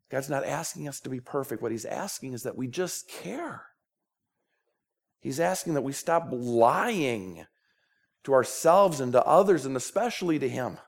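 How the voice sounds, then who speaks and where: Pastor with a Minnesota accent, earnest sermon delivery, stumbles and repeats as he pleads; voice sits a bit high.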